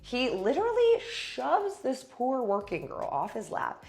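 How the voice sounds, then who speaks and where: A young woman vlogger telling a dramatic storytime in a sassy, animated way, acting out every character herself. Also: unhurried. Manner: sassy, dramatic, voices every character with big pitch jumps.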